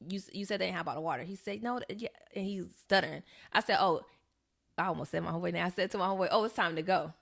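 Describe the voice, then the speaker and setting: Animated young woman telling a story, gravelly. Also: on the low side, rapid-fire. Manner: animated storyteller, acts out quoted voices. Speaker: podcast co-host. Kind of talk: casual storytelling chat.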